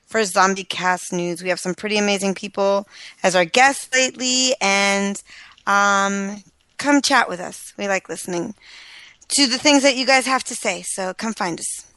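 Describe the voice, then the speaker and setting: A woman co-hosts a casual podcast and chats in a friendly, easy way. Her voice sits at a middle pitch and sounds close and dry, with no room around it. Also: moderate pace, bright, forceful tone, no echo, rough recording. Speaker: podcast co-host.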